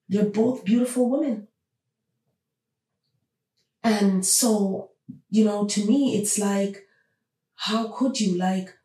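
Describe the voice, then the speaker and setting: This podcast host lays out her opinions, leaning on emphatic rhetorical questions she keeps repeating. Her mid-range voice is mellow and unhurried, with long pauses, and the recording sounds roomy, as if she sits far from the mic.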